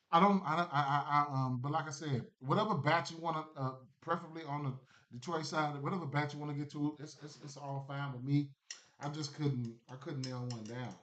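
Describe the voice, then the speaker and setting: A man's voice: on the high side, a bit bright. A man chatting casually on a sports betting livestream, rambling loosely with many fillers and restarts. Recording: dull lo-fi stream audio.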